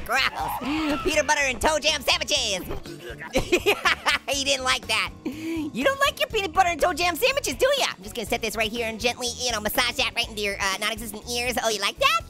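A high, very lively woman's voice giggles and puns her way through a game. She talks at an unhurried pace while teasing the character on screen. Game music plays clearly behind her. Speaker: gaming host. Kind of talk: playful let's-play commentary.

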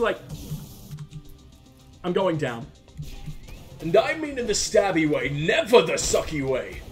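A young man commentating his own gameplay, self-mocking and swearing, with sudden yelps when he fails. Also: very high-pitched. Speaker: gaming channel host. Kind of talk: let's play commentary.

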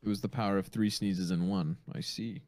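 A man's voice: low voice, fairly even intonation, a little fast, darkish tone, no room sound. A man on a voice call, joking around playfully and asking curious questions. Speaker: guest on a livestream voice call. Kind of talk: casual voice-chat banter.

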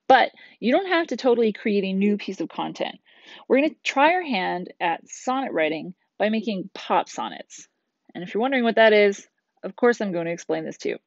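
A woman's voice: medium pitch, no room sound, muffled recording. A middle-aged woman teacher explaining a lesson in a chatty way, with casual asides. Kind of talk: recorded classroom lesson. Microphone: tablet screencast voice-over.

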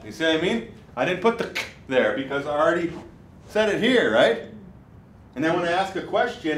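A male language teacher leads a classroom lesson in a slightly higher voice, taking his time and drawing out words so the class can echo them. The recording is roomy and distant, with a faint hiss underneath. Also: expressive, fairly quick, a bit bright. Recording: echoey room, mic far off, faint noise.

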